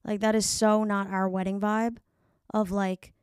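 A woman's voice: mid-range voice, little pitch movement, measured pace, clean tone, dry recording, clean studio sound. A woman, rambling casually and profanely as a solo podcast host. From New York. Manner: rambling, profane, self-deprecating.

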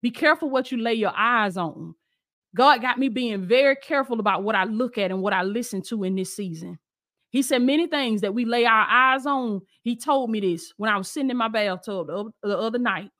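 Her voice sits a little high, with a brisk delivery and a fairly bright tone. Preaching online as a Christian lifestyle coach, she speaks straight to her listeners, emphatically repeating rallying calls for them to stand firm.

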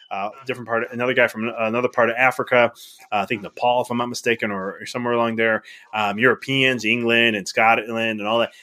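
A middle-aged man as a podcast guest, telling stories in a casual, animated way, acting out the dialogue with frequent restarts. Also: mid-range voice. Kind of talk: casual storytelling.

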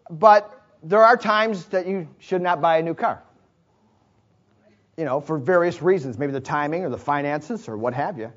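A male pastor with a fairly high voice tells a personal story from the pulpit. He talks in a chatty way, breaking into chuckles and little asides. The recording sounds dull and lo-fi. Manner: chuckles often, conversational asides. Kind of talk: storytelling sermon.

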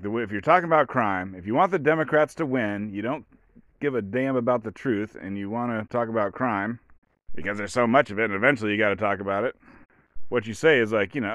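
A man's voice: on the low side, fairly bright tone, dry recording. A man talking on his own show in casual commentary, rambling and sarcastic, full of restarts and fillers. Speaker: podcast host.

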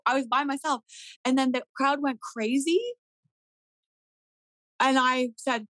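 A woman in her thirties, a rapper guest telling a story in a casual interview, animated and swearing often as she acts out what people said. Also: sits high, unhurried, pauses often, no room sound, poor audio. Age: 30s.

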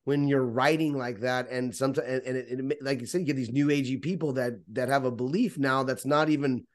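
A man in a casual faith discussion, talking haltingly with many restarts and repeated words. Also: mid-range voice, steady tone. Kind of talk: casual chat.

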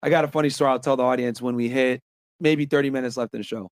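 A man's voice: mid-range voice, fairly even intonation, very fast, no echo, studio quality. A man hosting a podcast, chatting casually and addressing his listeners as guys. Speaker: podcast host. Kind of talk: casual reaction commentary.

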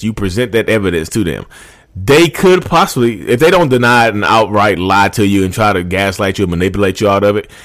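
A man speaks in an informal vlog style and keeps turning to his audience as y'all. His voice sits on the lower side. The sound is dry, with no room echo. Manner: informal, addresses viewers as y'all. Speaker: YouTube host. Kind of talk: casual vlog talk.

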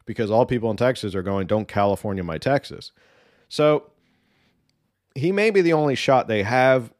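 A man's voice: mid-range voice, sing-song, moderate pace, no echo, studio quality. A man giving casual political commentary, rambling and opinionated, with many ums and restarts.

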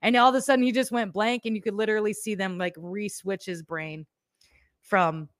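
A woman hosts a podcast, talking bluntly and sarcastically, and she swears freely. Her voice sits at a middle pitch for a woman. The recording is dry and close, with no room sound. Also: steady tone, a little fast, dry recording. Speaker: podcast host. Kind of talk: casual political commentary.

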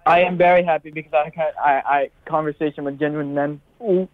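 A man's voice: fairly high pitch, steady tone, a little fast. A man calling into a comedy show, teasing and trading crude insults with giggles, heard through a muffled phone call. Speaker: caller. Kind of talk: prank phone call banter.

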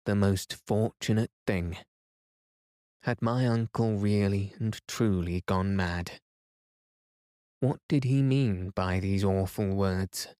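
A man reading a classic adventure novel aloud as a calm, soothing bedtime story. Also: lowish voice, no echo, clean studio sound. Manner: slow, soothing, even reading. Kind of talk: calm sleep-story narration.

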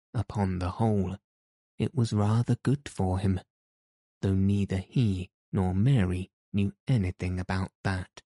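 Low steady guy reading a storybook aloud, slow pace, dry close sound. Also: no room sound. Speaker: audiobook narrator. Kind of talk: scripted narration.

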